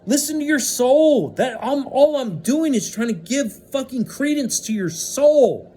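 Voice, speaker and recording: A man in an unscripted vlog monologue, ranting with lots of swearing and swinging between loud outbursts and hushed stretches. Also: very high-pitched, expressive, a little slow, breathy edge. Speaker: vlogger.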